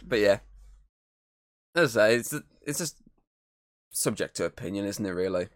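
Low-voiced man, rambling and swearing. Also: lively intonation, normal speed, no room sound, studio quality. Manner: rambling, swears often, laughs easily. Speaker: podcast host. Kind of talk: casual chat. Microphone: headset.

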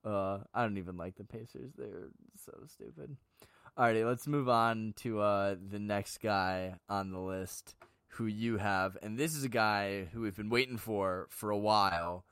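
A man's voice: fairly low pitch, measured pace, a bit bright, clean tone, no room sound, studio quality. A man hosting a casual sports podcast, playfully needling his co-host in a mock-formal way.

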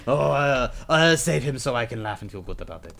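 A man's voice: medium pitch, lively intonation, normal speed, vocal fry, fairly bright tone. A man voicing a cackling, self-serving male rogue in a tabletop game. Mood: gleeful. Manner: gleeful, chuckling.

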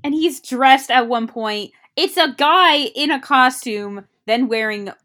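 A woman's voice: high voice, slow, sharp tone. A young adult woman chatting casually about a movie, rambling and searching for words mid-sentence. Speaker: podcast co-host. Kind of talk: casual movie review chat.

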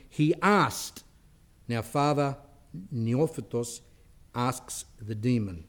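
A man's voice: mid-range voice, a little mellow. A man, a priest, reading aloud from a religious text and explaining it in a spiritual talk, stressing key points with rising emphasis.

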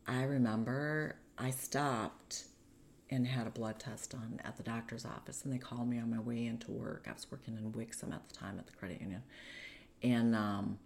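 A woman's voice: extremely low pitch, steady tone, normal speed, darkish tone, a little hiss or hum. A middle-aged woman candidly telling her own story as an interview guest. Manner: candid, retelling past conversations. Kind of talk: personal story in a sit-down interview.

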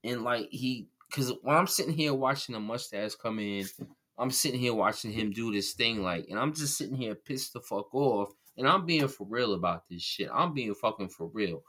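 A man's voice: mid-range voice, expressive, moderate pace, bright, forceful tone. A man co-hosting a casual sports podcast, ranting heatedly with lots of swearing. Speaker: podcast co-host.

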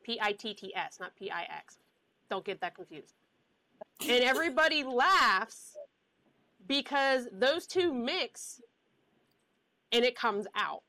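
A woman's voice: fairly high pitch, very animated, slow pace, long pauses, bright, forceful tone, no room sound, poor audio. A woman from the US South and Pittsburgh, chatting emphatically and teasing her friends. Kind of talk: casual chat.

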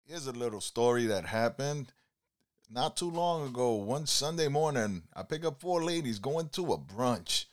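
A man's voice: medium pitch, expressive, moderate pace. A man telling stories from his driving and handing out life advice in a casual, preachy way. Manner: preachy, laid-back, many "you know"s. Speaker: driver telling passenger stories.

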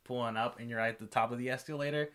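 A man's voice: mid-range voice, steady tone, fast, fairly bright tone. A man co-hosting a podcast, reviewing a film in casual chat, rambling with lots of fillers. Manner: rambling, filler-heavy, laughs easily. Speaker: podcast co-host.

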